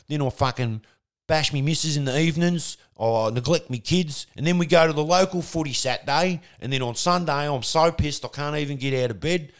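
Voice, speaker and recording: A man's voice: a little high, close to an everyday voice. A man with an Australian accent putting on a crude, self-pitying rural working man, rattling off his week as a mocking caricature. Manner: mocking caricature, rambling list of complaints.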